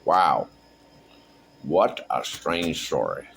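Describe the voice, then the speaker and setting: A man voicing a mildly judgmental male support-group leader who talks haltingly. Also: very deep voice, big pitch swings, vocal fry, fairly bright tone, pitched below the performer's own voice, exaggerated voice. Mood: chiding.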